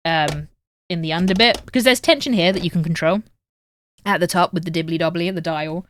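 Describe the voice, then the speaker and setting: On her sewing livestream, a young northern English woman talks to viewers and reads out their chat messages while she works, in a chatty, casual way. She speaks a little fast with a fairly low pitch, and there's a slight hiss or hum in the audio.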